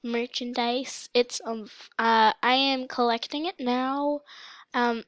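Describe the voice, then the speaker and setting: A young woman casually commenting on her gameplay for her channel, chatty and excitable, with a slight cough. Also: a little high, slow pace, clear, resonant tone, dry recording, muffled recording. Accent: mock British, put on. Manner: chatty, excitable, breaks into gasps and shouts. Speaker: gaming channel host.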